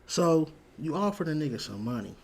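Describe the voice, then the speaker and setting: A man's voice: on the high side, big pitch swings, a little fast, creaky, slightly rough. A man hosting a show, giving a blunt, heated, profane commentary rant full of repeated words. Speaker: show host.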